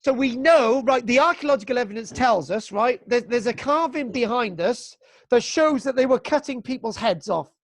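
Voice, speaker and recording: In a live online class, a man from Britain teaches kids archaeology by video call, bubbly and joking, pretending to be exasperated and appending "right?" to his lines. His voice is very high, his pace moderate, and there's no room sound.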